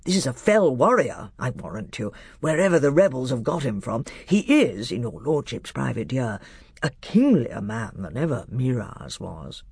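A man voicing a sly, cautious Telmarine lord in an audiobook, speaking in a measured, gravelly way. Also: medium pitch, sing-song, darkish tone, no room sound, studio quality, exaggerated voice. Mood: appraising. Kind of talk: audiobook character voice.

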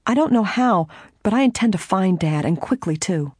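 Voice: mid-range voice, lively intonation, normal speed, darkish tone, faint music behind, pitched above the performer's own voice, natural voice. A reader voicing a determined young woman amateur detective, earnest and urgent, in an audiobook.

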